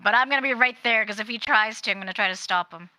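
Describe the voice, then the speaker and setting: A woman playing a tabletop game, making quick, offhand remarks in character. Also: fairly high pitch, sharp tone, no echo, low-quality recording. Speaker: player. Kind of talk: casual tabletop play.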